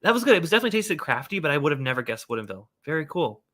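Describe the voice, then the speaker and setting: A man hosting a casual whiskey livestream, animated and scolding himself with frequent exclamations. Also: a little high, rapid-fire.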